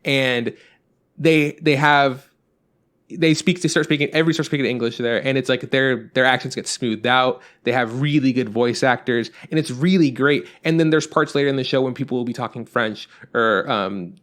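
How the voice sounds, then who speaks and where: A man's voice: mid-range voice, normal speed, fairly bright tone. A man co-hosting a podcast, rambling in casual chat, acting out quotes and swearing now and then. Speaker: podcast co-host.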